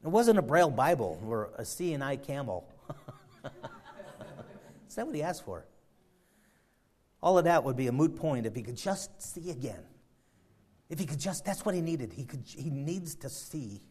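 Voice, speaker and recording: A man preaching a sermon, swinging from quiet, slow reflection to loud, climbing exhortation, often repeating words as he builds. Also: medium pitch, sing-song, breathy edge. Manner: repeats and restarts phrases while building intensity.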